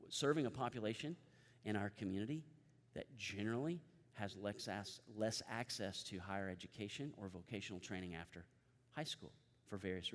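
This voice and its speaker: A man's voice: on the low side, big-room sound. A pastor preaching a sermon to his congregation, emphatic and repeating key phrases as he leads them in recitation.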